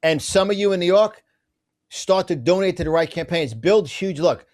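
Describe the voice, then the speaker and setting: A middle-aged man with a slightly higher voice talks as an interview guest. His delivery is fiery and emphatic. He rushes through asides and often restarts his sentences. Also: a little mellow. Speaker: guest, conservative business publisher. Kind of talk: fiery political interview talk.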